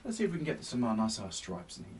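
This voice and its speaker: A man hosting a painting demonstration, gentle and encouraging, often sinking to a soft near-whisper. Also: fairly low pitch, huge pitch swings, fast. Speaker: painting tutorial host. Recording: slightly distant mic with faint hiss.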